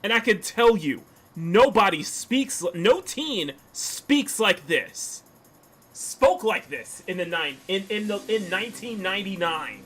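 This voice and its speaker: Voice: mid-range voice, lively intonation, takes it slowly, a bit bright, breathy edge. A streamer in their thirties ranting heatedly about a game during a stream. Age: 30s. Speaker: gaming streamer.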